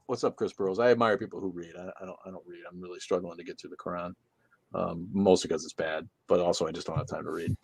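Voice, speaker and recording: A man with a somewhat low voice runs a casual livestream from his room, reading viewer comments and firing back sarcastic, swearing jokes. The sound is dry and close, with no room echo. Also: steady tone, quick pace, vocal fry, breathy edge. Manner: sarcastic, joking, swears freely. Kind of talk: casual profane livestream chat.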